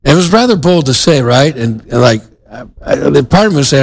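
A man's voice: medium pitch, animated, quick pace, gravelly, hardly any pauses, low-quality recording. A male pastor giving a sermon in a conversational way, with frequent restarts and asides to the congregation.

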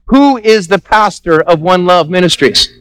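In a church sanctuary, a male pastor preaches a Sunday sermon with animation, acting out little dialogues and repeating himself for emphasis. His voice is high, his pace moderate, and the recording is low quality.

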